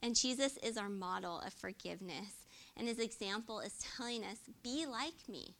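A woman giving a casual, expressive Bible teaching, often checking in with her listeners. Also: mid-range voice, brisk, gravelly. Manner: chatty and expressive, often adds "right?".

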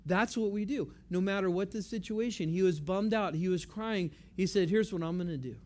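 A man's voice: high-pitched, moderate pace, a little mellow. A man preaching a sermon, talking to the congregation in an easygoing way and repeating key phrases for emphasis. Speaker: pastor.

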